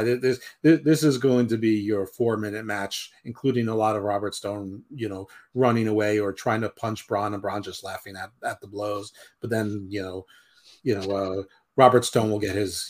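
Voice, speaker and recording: A man co-hosting a podcast in casual chat, opinionated and rambling, often trailing off. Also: on the low side. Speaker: podcast co-host.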